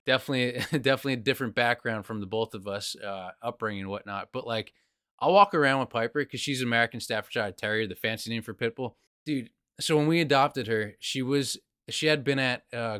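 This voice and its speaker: A young adult man hosting a podcast, talking in an animated, enthusiastic way, with lots of "dude" and "like.". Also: medium pitch, smooth, no echo, studio quality. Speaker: podcast host. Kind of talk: casual chat.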